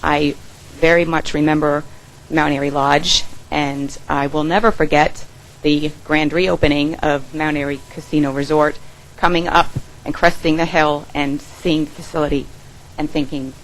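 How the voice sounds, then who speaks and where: A woman's voice: sits low, steady tone, normal speed, slight background noise, low-quality recording. A woman from a visitors bureau giving earnest testimony at a public hearing. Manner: earnest, slightly emotional. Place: hearing room.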